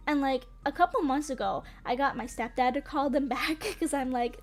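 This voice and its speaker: A woman's voice: high-pitched, normal speed, hardly any pauses. A young woman from Western North Carolina, chatting casually on a livestream, rambling with lots of fillers and giggles. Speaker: vtuber streamer. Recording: faint music behind.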